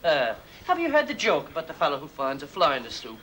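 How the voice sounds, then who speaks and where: A man's voice: a little high, wildly swooping pitch, fast, a bit bright, poor audio. A man doing a pushy, lonely dinner pest. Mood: bossy. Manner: chatty, bossy, full of jokes and sound effects. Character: overbearing lonely male dinner guest. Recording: studio audience laughter, broadcast noise.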